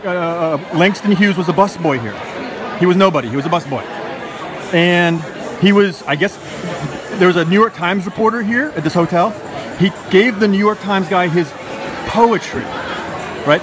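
Holding his phone as he livestreams, a high-voiced man wanders a busy conference hall, flustered and unsure of himself as he rambles and narrates what he's doing. It's casual stream chatter, with loud crowd noise behind him.

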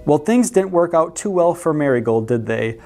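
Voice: medium pitch, animated, moderate pace, darkish tone, faint music behind. A library storyteller reading picture books aloud to children, who asks the listeners questions and explains words along the way.

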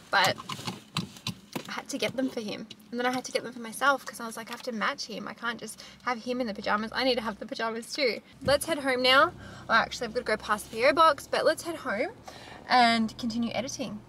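A woman's voice: fairly high pitch, background noise. A young Australian woman chatting candidly to camera in a casual vlog, swearing now and then. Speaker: vlogger.

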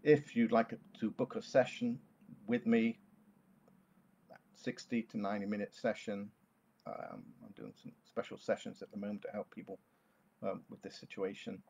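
A man who works as a therapist, explaining a calming technique to parents in a gentle, reassuring talk to camera. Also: on the low side, normal speed, creaky, slight background noise. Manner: gentle, reassuring, repeats soothing words. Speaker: therapist offering online sessions.

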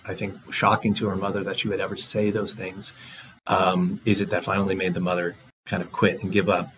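A man giving a literature lecture in a relaxed, conversational way, reading short passages aloud and commenting on them. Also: lowish voice, husky, poor audio. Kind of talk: recorded lecture.

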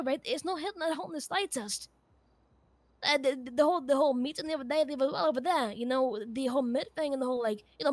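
A woman's voice: high-pitched, dry recording. A woman playing a character in a game roleplay, talking in a hesitant way, repeating words and trailing off. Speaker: roleplay player.

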